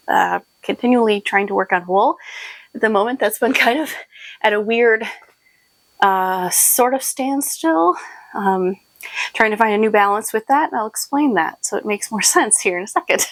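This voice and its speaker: A woman's voice: mid-range voice, no room sound, poor audio. Chatty, sleepy woman podcast host. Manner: chatty and rambling, with many fillers and laughs. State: sleep-deprived. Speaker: podcast host and shop owner. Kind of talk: casual chat to camera.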